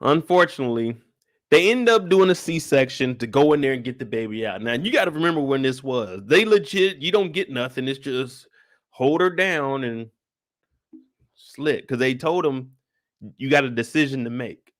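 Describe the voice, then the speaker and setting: Animated man retelling a show. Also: medium pitch. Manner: animated storytelling, acts out characters in quick voice switches. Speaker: show recap host. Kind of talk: casual live recap chat.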